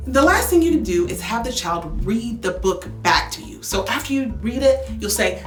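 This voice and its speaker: A woman's voice: a little high, big pitch swings, moderate pace, hardly any pauses, echoey room, soft background music. A woman who is a speech language pathologist, giving upbeat, coaching advice to parents and demonstrating with exaggerated tones. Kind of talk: instructional talk to parents.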